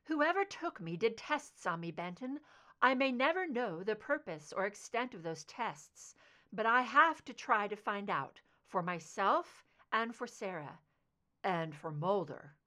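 A woman's voice: medium pitch, expressive, a little slow, sharp tone. Lady doing a worried determined investigator woman, earnest. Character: determined female investigator, anxious.

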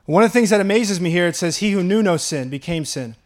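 High-voiced man preaching with earnest wonder. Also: lively intonation. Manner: earnest preaching, slows for emphasis, laughs in delight. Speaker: pastor. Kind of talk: sermon.

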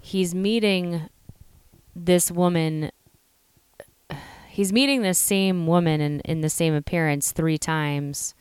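A woman's voice: fairly low pitch, a little mellow, smooth, dry recording, clean studio sound. A woman co-hosting a podcast, discussing a film in a chatty way full of "like". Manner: chatty, lots of "like", quick laughs. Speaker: podcast co-host.

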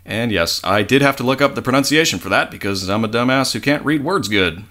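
Animated, teasing male podcast host. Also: medium pitch, a little fast. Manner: animated, teasing, swears and laughs a lot. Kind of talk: casual podcast chat.

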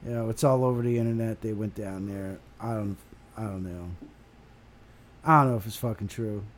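A man's voice: on the low side, moderate pace. Guy rambling about conspiracies, swears a lot, bit of hiss behind. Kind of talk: casual chat.

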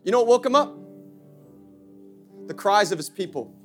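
A male pastor preaching passionately, swinging from loud calls to hushed asides with playful remarks to the congregation. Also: sits high, animated, moderate pace, soft background music. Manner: impassioned preaching with sudden shifts from shouting to hushed. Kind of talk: sermon.

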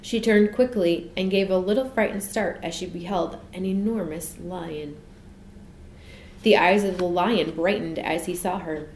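A woman narrating a children's storybook in a gentle, measured way. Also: lowish voice, steady tone. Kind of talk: storybook reading. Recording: echoey room, faint noise.

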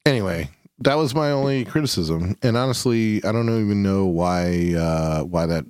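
A man with a low, deep voice talks in a loose, rambling way, swearing freely. He sounds relaxed and chatty. The recording is close and dry, with no room echo. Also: moderate pace, clean tone. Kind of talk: casual chat.

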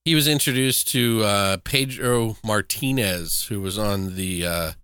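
A man's voice: on the low side, measured pace, fairly bright tone, smooth, no room sound, studio quality. A man co-hosting a podcast, casually and profanely recapping movie plots and reading out trivia. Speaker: podcast co-host reviewing movies. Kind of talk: casual chat.

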